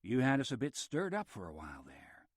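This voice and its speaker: A tender older brother murmurs comfort at a bedside, soft and quietly joking, as a man acts him out. The sound is dry and close. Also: mid-range voice, huge pitch swings, fairly quick, no echo.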